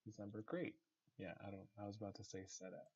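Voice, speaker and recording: Low, monotone man hosting a raffle. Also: very fast, slightly rough, lo-fi sound. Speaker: online game community host. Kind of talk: casual live raffle announcing.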